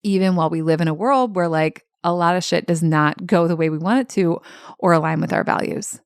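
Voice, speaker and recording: A woman's voice: fairly low pitch, fairly quick, clean tone, no echo, studio quality. A woman life coach hosting her own podcast, talking candidly and animatedly, swearing freely and saying "like" a lot. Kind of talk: casual solo podcast talk.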